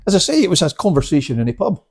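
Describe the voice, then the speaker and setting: An older man in his seventies who chats and laughs his way through stories. His voice is gravelly and husky, with many restarts and fillers. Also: on the high side, very animated, racing, a little mellow. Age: 70s. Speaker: guest, karate instructor. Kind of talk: casual storytelling interview.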